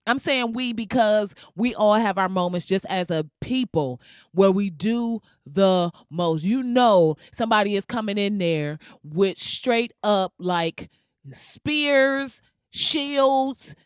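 A podcast host telling stories in casual, comedic chat, animated and full of slang and swearing, laughing often. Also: mid-range voice, slow, clean tone, dry recording, clean studio sound. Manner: animated, slangy, profane storytelling with frequent laughs.

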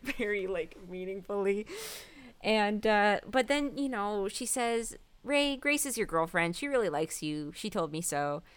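A woman co-hosts a podcast and chats casually through an episode recap. She giggles easily and slips into the characters' lines as she retells them. Her voice is smooth and clear, at a middle pitch. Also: animated, a little slow. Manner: chatty, giggly, acts out quoted lines. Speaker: podcast co-host.

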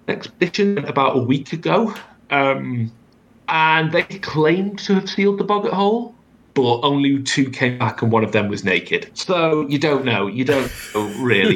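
A man runs a tabletop game over a video call and narrates the scene in a wry, rambling way. His voice sits in a middle pitch, and fillers often break up his lines. He sounds like he is talking into a computer mic. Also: normal speed, fairly bright tone, slight background noise, poor audio. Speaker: game master.

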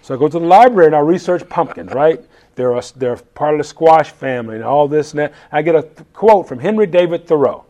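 Chef guest, 50s man, lively storyteller, slightly high voice, laughs often. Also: a little fast, muffled recording. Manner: animated, laughing, acts out quotes. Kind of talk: casual interview storytelling.

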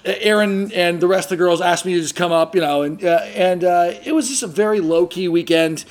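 A man hosting a podcast, telling a long story in a casual, animated way, acting out the people he quotes and often restarting his sentences. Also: high-pitched, brisk. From San Diego area. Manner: animated, acts out quoted voices, frequent restarts. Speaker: podcast host.

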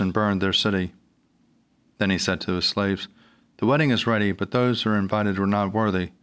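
A man giving a measured, solemn reading of scripture in a liturgical service. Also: fairly low pitch, a bit bright, clear, resonant tone. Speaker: scripture reader.

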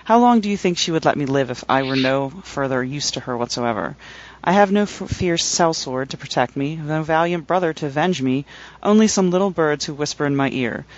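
A man reading aloud as a scheming male eunuch courtier, in a measured voice. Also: a little high, expressive, natural voice. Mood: reproachful. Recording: dull lo-fi sound.

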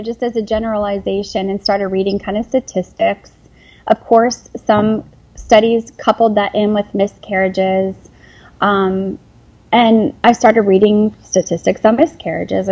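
A woman's voice: mid-range voice, a little mellow, highs cut off. A woman in her forties, a former nurse and company founder, talking earnestly in an interview, rambling with restarts and fillers. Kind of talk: emotional interview conversation.

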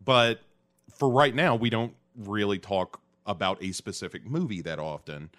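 A man's voice: fairly low pitch, moderate pace, a bit bright. A man hosting a podcast in casual chat, rambling and joking, often sidetracking himself. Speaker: podcast host.

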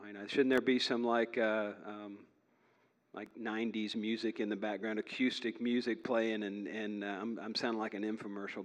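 A man preaches a sermon as pastor in a church sanctuary, earnest yet chatty, laughing now and then between points. His voice is on the low side, at a normal speed. The recording carries the long reverb of a large hall.

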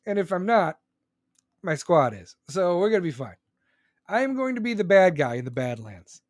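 Male podcast host, high voice, rambling profane rant, dry close mic. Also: big pitch swings, normal speed, no echo. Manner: loud, profane and rambling, with sudden pitch jumps. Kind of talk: live podcast venting monologue. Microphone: close studio microphone.

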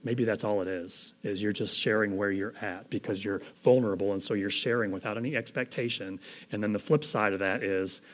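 A man's voice: lowish voice, brisk. Earnest, conversational male pastor. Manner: earnest, conversational, grows soft and hushed toward the end. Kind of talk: sermon.

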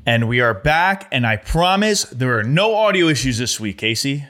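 A man's voice: mid-range voice, very animated, normal speed, fairly bright tone, soft background music. A man hosting a casual podcast, trading teasing, self-mocking banter with his co-host.

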